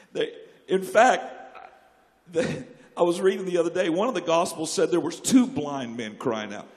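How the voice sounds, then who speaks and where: A man preaching a sermon, telling jokes and stories and breaking into sudden loud outbursts. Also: high-pitched, gravelly. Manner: joking, animated storytelling with sudden loud outbursts. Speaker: pastor. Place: church sanctuary. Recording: long church hall reverb.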